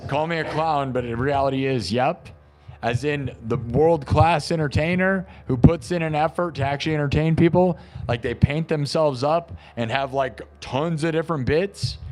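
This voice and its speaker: A man's voice: on the high side, darkish tone. A man hosting a live stream, chatting casually and rambling with lots of "like" and "dude.". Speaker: live-stream host and improv musician. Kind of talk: casual chat.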